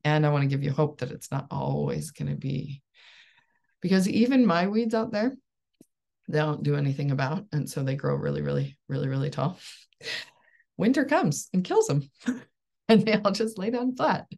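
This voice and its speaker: Low gravelly woman coach chatting along, upbeat, laughs a lot. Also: animated, moderate pace, pauses often, a little mellow. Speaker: life coach and support group host. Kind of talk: casual solo coaching talk.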